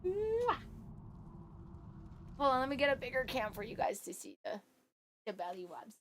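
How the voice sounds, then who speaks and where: A woman streaming a game, chatting casually and excitably, reacting out loud and slipping into soft doting baby talk with her pet. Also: on the high side, fast talker, a little hiss or hum. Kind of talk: casual live-stream chat while gaming.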